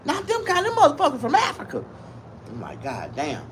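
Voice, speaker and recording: A man telling a comic story in a profane, rambling, animated way. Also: extremely high pitch, brisk, a little hiss or hum.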